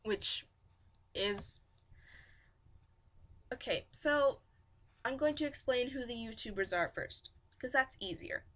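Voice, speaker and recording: A woman's voice: a little high, expressive, slow, pauses often, a bit bright. A woman hosting a fanfiction reading stream, giving rambling, self-deprecating casual commentary. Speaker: fanfiction audiobook reader and host.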